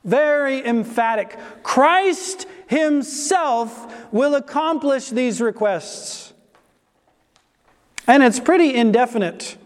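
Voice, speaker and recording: Slow, emphatic high-voiced male preacher. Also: expressive. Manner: emphatic, slow and deliberate preaching with stressed repetitions. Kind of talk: sermon. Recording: long hall reverb.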